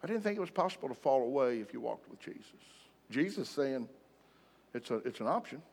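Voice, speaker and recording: A man preaching a sermon to a congregation in a church hall, emphatic, swinging between loud declarations and soft asides. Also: medium pitch, very animated, fairly quick, vocal fry. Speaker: pastor. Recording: long hall reverb, faint music behind.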